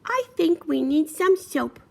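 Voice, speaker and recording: A woman's voice: animated, unhurried, vocal fry, heavily acted. A woman doing a squealy little storybook piglet. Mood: giddy. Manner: high, sing-song, loud.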